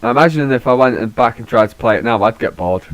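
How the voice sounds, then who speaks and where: A man's voice: medium pitch, lively intonation, quick pace, no room sound, rough recording. A British man, a podcast host, chatting casually and swearing freely, with laid-back banter. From Britain. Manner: swearing, laid-back, puts on posh voices for jokes. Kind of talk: casual chat.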